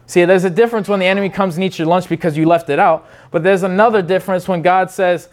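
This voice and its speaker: A man's voice: high voice, fairly even intonation, fast talker, few pauses. A man preaching a sermon in an earnest, unscripted way, often restarting his phrases. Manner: earnest, many restarts, acts out quoted voices.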